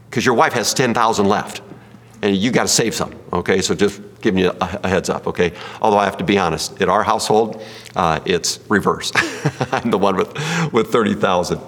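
Husky-voiced pastor in a reverberant hall. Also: male voice, on the low side, a bit bright. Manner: folksy, joking, asks the room questions. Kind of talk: sermon with jokes and audience questions.

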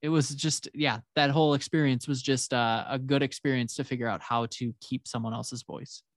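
A man's voice: mid-range voice, moderate pace, dry recording, clean studio sound. Easygoing man, lots of fillers. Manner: relaxed, hesitant, many fillers and restarts. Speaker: co-writer and editor. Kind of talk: casual podcast conversation.

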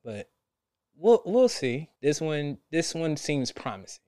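A young man, a podcast host telling a story in casual chat, animated and laughing often. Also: a little high, takes it slowly. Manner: animated, laughs a lot, acts out quotes.

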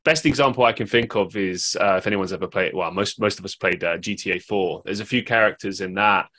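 A man's voice: sits low, fairly quick, pushed and bright. A man with an English accent hosting a podcast, chatting casually and rambling with lots of fillers and restarts. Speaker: podcast host. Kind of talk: casual interview chat.

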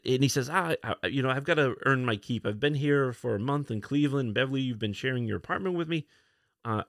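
A man's voice: mid-range voice, no room sound. Casual man recapping comics, dry sound. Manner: retells scenes acting out characters' lines, many fillers. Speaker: podcast host.

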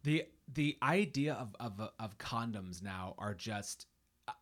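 A man co-hosts a relaxed movie podcast, his talk full of stops, fillers and little laughs. His pitch swings widely from phrase to phrase. He sounds like a man in his thirties chatting at a home mic. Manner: halting, many restarts and fillers, laughs often. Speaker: podcast co-host. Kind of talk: casual film discussion podcast. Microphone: home studio mic, typing nearby.

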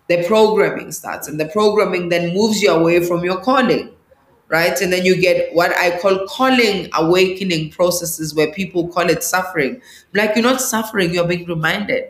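A woman, a spiritual teacher and healer, speaking as an interview guest in an animated way, acting out the voices she quotes. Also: on the low side, moderate pace. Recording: roomy echo.

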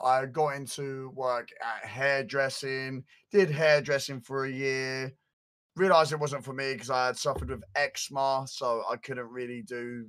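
A man's voice: mid-range voice, fairly bright tone. A young man, chatting and joking casually with his stream co-host. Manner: joking, teasing, rambling.

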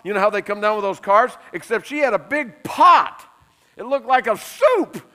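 A middle-aged man preaching a sermon, lively and emphatic, telling funny stories and laughing along. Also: high-pitched, normal speed. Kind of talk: sermon with humorous storytelling.

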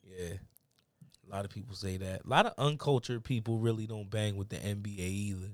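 A man co-hosting a podcast in loose, profane, animated banter. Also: fairly low pitch, a little fast, no room sound. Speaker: podcast co-host. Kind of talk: casual chat.

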